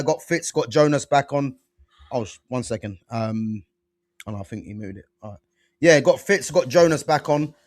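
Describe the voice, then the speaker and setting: A man hosting a casual football chat show, animated and slangy, full of fillers and restarts. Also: mid-range voice, dry recording, studio quality. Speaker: football podcast host.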